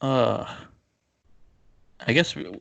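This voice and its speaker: A man's voice: mid-range voice, extremely slow, vocal fry, a bit bright, dry recording. A man co-hosting a casual podcast, loose and joking, with a little light swearing. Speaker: podcast co-host. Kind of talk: casual chat.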